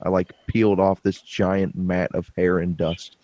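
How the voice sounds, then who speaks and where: A man's voice: low-pitched, flat delivery, unhurried, warm tone. A man hosting a casual podcast chat, wry and joking, swearing now and then. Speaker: podcast host.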